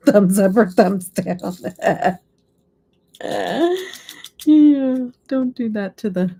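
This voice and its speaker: A woman's voice: mid-range voice, very slow, dark tone, breathy edge. A middle-aged woman hosting a beauty live stream, chatting casually and laughing often. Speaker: beauty channel host.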